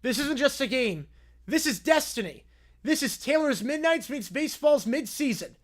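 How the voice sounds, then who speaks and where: A man's voice: very high voice, sing-song, moderate pace, pitched above the performer's own voice. A man doing a theatrical woman commissioner. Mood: proclaiming. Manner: proclaiming, theatrical. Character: grand, dramatic woman commissioner.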